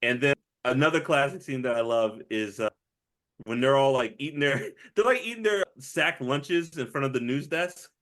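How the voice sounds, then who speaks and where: A man co-hosting a casual movie review podcast, talking in an animated way, laughing often and full of "like" and restarts. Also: medium pitch, moderate pace. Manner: animated, laughs a lot, acts out quotes; hesitant restarts, says "like" often. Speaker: podcast co-host.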